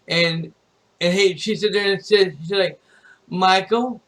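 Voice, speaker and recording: A man's voice: high-pitched, fairly even intonation, a little slow, fairly bright tone. A man on a live stream retelling a movie's plot in a loose, rambling way, restarting phrases and leaning on "you know". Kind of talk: casual spoken movie recap.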